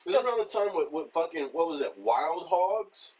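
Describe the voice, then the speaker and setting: A man's voice: fairly high pitch, very animated, normal speed, a little mellow, rough recording. A man co-hosting a casual movie podcast, laughing often and swearing offhandedly as he agrees. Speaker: podcast co-host.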